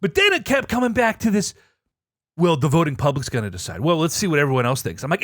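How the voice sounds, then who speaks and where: Man, podcast co-host, animated storyteller, lively pitch, profane, dry sound. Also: fast talker, dry recording. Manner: excitable, profane, swings between low asides and loud outbursts.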